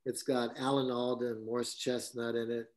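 A man speaking as a guest cinematographer, telling stories casually with a lively delivery, laughing often and acting out quotes. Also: medium pitch, normal speed. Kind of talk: casual anecdotal storytelling.

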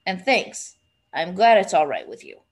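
A woman reading aloud and voicing a self-assured teenage boy in a storybook, relaxed, dry and amused. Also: fairly low pitch, measured pace, breathy edge, pitched below the performer's own voice, full character voice. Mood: friendly.

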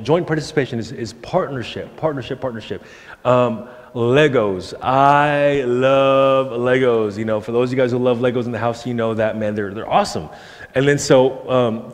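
A young man preaching a casual, animated sermon and slipping into the voices he quotes. His pitch sits in the middle. The church hall behind him rings with a long reverb. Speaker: pastor. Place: church sanctuary.

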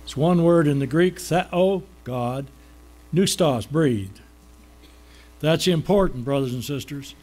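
Man preaching, slow stressed words. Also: on the high side, a little mellow. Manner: slows down to stress key words, asks and answers his own questions. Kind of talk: sermon.

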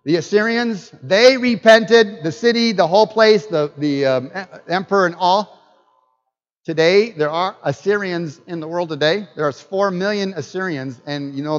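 A man with a high voice preaches as a guest pastor in a church hall. He is animated and jokes with his listeners. The recording is dull and lo-fi, and a long reverb hangs on his words. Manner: animated, joking preacher who asks the audience questions. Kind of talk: sermon.

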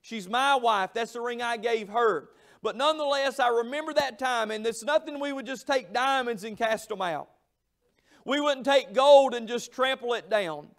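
High-pitched, gravelly preacher. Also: male voice, fairly bright tone. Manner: storytelling, emphatic, drawn-out phrases. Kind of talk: Southern revival sermon. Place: church sanctuary.

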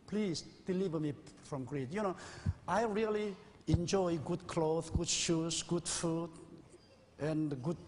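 A man's voice: on the high side, slight background noise. A man in his sixties, a pastor preaching an earnest, confessional sermon in a church sanctuary. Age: 60s. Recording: old VHS recording with long reverb.

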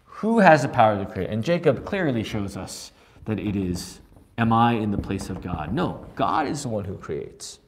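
A man's voice: on the low side, moderate pace, slight background noise. A man teaching a Bible study in a conversational way, often asking "right?" and restarting his sentences. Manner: animated, asks frequent rhetorical "right?" with many restarts.

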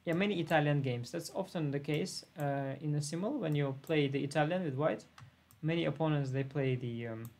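A man's voice: a little high, brisk, few pauses, darkish tone. A laid-back man thinking aloud as he plays an online chess simul on a live stream. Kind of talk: live-stream commentary while playing.

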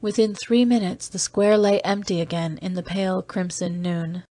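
A terse, weary agent tells his own story, read by a woman in an audiobook. The delivery is steady and measured, recorded dry and close. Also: lowish voice, no room sound, natural voice. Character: weary man, seasoned off-world agent, terse. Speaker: audiobook reader. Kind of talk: scripted narration.

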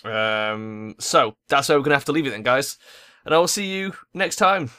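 Young man, gameplay commentator; frustrated sweary ranting, bright forward tone. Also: medium pitch, moderate pace, clean tone. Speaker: gaming YouTuber.

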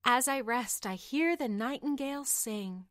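A cheerful young serving girl, put on by a woman reading a storybook, with a lifted, bright voice. She speaks slowly and politely, eager to help. The recording is dry and close. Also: on the high side, animated, dry recording, pitched above the performer's own voice. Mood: wistful. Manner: bright, eager, gently correcting.

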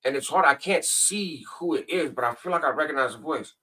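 A man telling a long story as a guest on a casual show, acting out other people's voices in a high pitch. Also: expressive, fairly quick, pushed and bright, husky, distant mic. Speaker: podcast guest. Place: home in Nevada.

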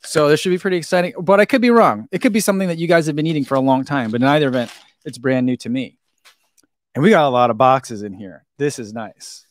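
Fast and mid-range in pitch, a male vlogger unboxes a snack and tastes it, chatting away, giggling occasionally, and talking while he chews. The recording is dry.

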